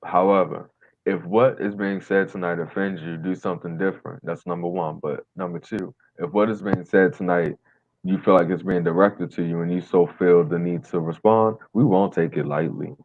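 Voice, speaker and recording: Man, blunt playful co-host, low pitch, phone-like dry sound. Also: fairly even intonation, normal speed, no room sound. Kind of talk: casual livestream chat.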